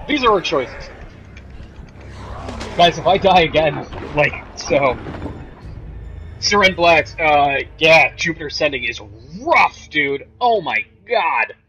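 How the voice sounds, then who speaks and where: A man's voice: on the high side, lively intonation, takes it slowly, long pauses, pushed and bright, lo-fi sound, slight background noise. Joking man streaming a video game. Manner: joking, sarcastic, talks to chat viewers. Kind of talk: casual game stream commentary.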